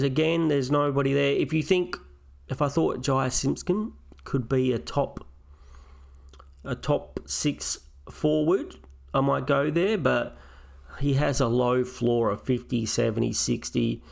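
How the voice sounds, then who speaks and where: Male host, gravelly texture, casual solo review, talks through choices out loud. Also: medium pitch. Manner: thinks aloud, weighing options step by step. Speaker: fantasy football channel host.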